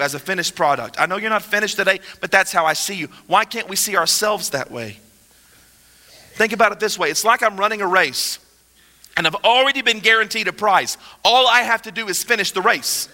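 A man with a high, very bright, sharp voice preaches a passionate sermon. His delivery swings from hushed asides to driving, emphatic lines. The voice rings with the long reverb of a large church hall. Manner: impassioned, shifts between soft and emphatic. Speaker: pastor.

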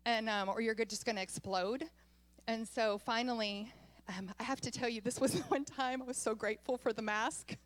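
A woman pastor delivers her sermon as a lively personal story. She talks with animation and slips into laughter often while she tells it. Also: on the high side, normal speed, no echo.

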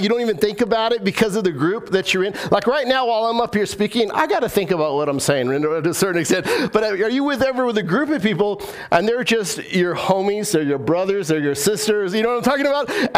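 Chatty joking pastor, man. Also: high voice. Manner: casual, joking storyteller with many restarts. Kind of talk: sermon.

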